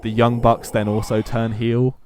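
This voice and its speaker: A man's voice: mid-range voice, completely flat delivery, a little slow, a little mellow, slight background noise. A man cohosting a casual podcast chat, eagerly retelling a long story and acting out quotes between many fillers.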